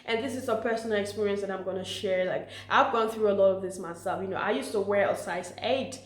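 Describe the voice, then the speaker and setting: A woman giving encouraging advice to mothers in an earnest, warm way, often saying "you know" and "okay". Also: medium pitch, fast. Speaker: motivational speaker for mothers. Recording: echoey room.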